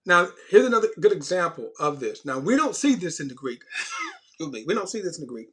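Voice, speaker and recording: A man teaching an informal Bible lesson in a conversational, unscripted way. His pitch sits a little high for a man, and he repeats and restarts phrases as he leans hard on key words. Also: sing-song, a little fast, fairly bright tone.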